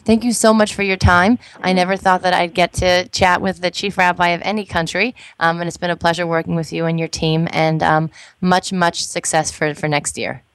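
Woman radio host, low-pitched, bubbly and talkative, dry sound. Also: smooth, dry recording. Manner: upbeat and chatty. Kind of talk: interview show hosting.

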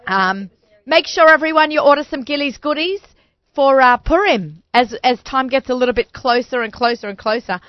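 A woman in her forties hosting a radio talk show, chatty and excitable, often laughing. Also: sits high, moderate pace, no room sound, highs cut off. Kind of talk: casual chat.

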